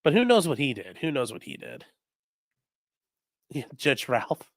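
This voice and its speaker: Speaking a little slowly in a mid-range voice, this man shares profane, animated courtroom stories from his work as a defense attorney, voicing the people he quotes. It's a casual livestream chat with clean studio sound and no room sound.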